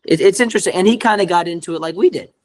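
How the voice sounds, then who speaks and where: A man with a high, slightly mellow voice talks at a racing clip. He co-hosts a podcast, chatting casually and rambling with plenty of fillers and restarts.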